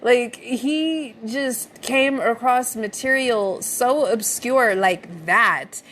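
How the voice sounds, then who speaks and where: A woman's voice: a little high, extremely slow, fairly bright tone, slight background noise. A woman hosting a podcast, casually retelling a movie plot in a chatty way and swearing freely. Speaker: podcast host.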